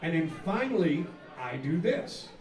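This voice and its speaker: Between songs at a live music venue, a male rock singer tells a profane, animated story, laughing and acting out the scene. His voice is on the high side and a little slow. The echoey room, distant mic, and loud crowd shape the recording.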